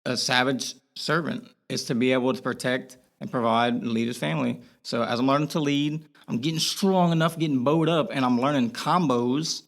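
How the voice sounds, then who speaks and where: A man's voice: medium pitch, fairly even intonation, fairly quick, creaky, hardly any pauses. A young man as a podcast guest, talking earnestly and rambling in a candid interview, with lots of fillers and restarts.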